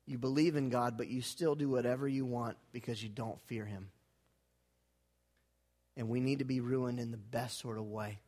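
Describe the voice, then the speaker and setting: A man preaching a sermon as pastor, dramatic, swinging from hushed lines to loud, fervent ones. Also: mid-range voice. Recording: hall reverb.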